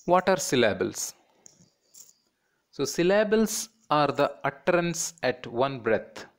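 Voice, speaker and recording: A man teaching a children's class in Indian English, patiently repeating words and breaking them into syllables. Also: fairly high pitch.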